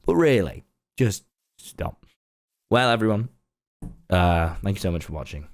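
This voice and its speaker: Laid-back young man, low voice. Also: animated, a little slow. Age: young adult. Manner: rambling, laid-back, swears casually. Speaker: online content creator. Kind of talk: casual late-night vlog chat.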